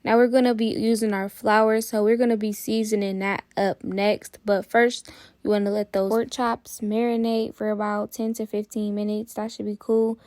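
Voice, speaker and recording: A woman hosting a cooking channel, talking viewers through a recipe in a chatty, relaxed way. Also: mid-range voice, moderate pace, no room sound. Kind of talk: casual cooking tutorial.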